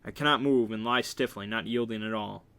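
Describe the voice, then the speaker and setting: A man's voice: fairly low pitch, steady tone, a little fast, a bit bright, clear, resonant tone. A man reading a romance novel aloud in a casual amateur way, with small slips and restarts. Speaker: reader.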